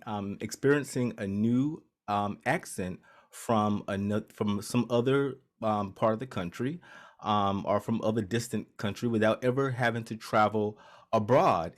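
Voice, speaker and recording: A man co-hosting a casual chat podcast, talking loosely with many ums and restarts. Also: on the low side. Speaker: podcast co-host.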